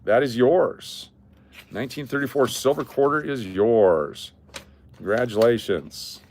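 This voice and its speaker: Over slight background noise, a man with an unhurried, slightly mellow mid-range voice runs coin giveaways on a casual live stream. He's chatty, repeats himself, and calls out viewers by name while handing out prizes.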